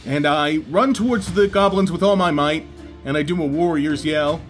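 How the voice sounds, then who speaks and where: A man playing a tabletop game who describes his character's actions in an animated, playful way. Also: on the high side, normal speed, over loud music. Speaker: player.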